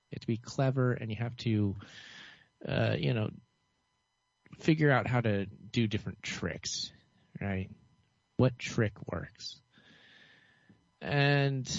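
Low monotone man, muffled dry recording. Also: dry recording. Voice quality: monotone, dull tone. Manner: cynical, hesitant with many fillers and restarts. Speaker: vlogger. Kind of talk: rambling solo commentary.

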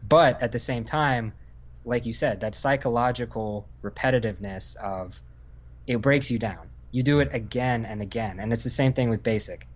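He's a podcast guest from Northern Virginia and an Army infantry veteran, speaking at normal speed in a mid-range voice. The conversation is casual and rambling, with many fillers and restarts. The recording has its highs cut off.

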